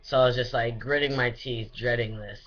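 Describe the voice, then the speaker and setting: A man's voice: medium pitch, fairly even intonation, brisk, a bit bright. A young man giving a casual, rambling personal update, full of fillers and restarts and swearing freely. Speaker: vlogger. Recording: dull lo-fi recording.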